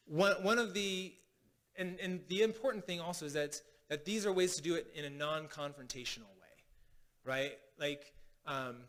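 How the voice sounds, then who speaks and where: A man's voice: fairly high pitch, a bit bright. A man preaching as pastor in a casual teaching style, often restarting phrases and checking in with "right?". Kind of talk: sermon teaching. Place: congregation hall.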